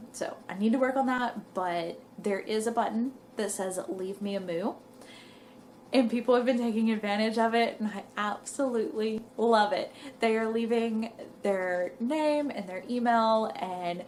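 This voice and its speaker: Talking to her viewers in a knitting vlog, a young woman rambles in a chatty way, slightly breathless and throwing in "y'all." Her voice is mid-range, and a little hiss or hum can be heard.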